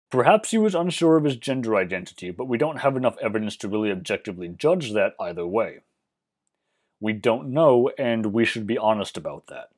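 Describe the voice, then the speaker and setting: A man narrating a history lesson, measured and explanatory with dry, wry asides. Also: medium pitch, darkish tone. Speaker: history channel host.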